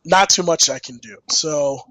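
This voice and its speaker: A man's voice: a little high, a little slow, pushed and bright, no room sound, poor audio. A tired man co-hosting a podcast, telling a rambling stop-start story in casual chat. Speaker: podcast co-host.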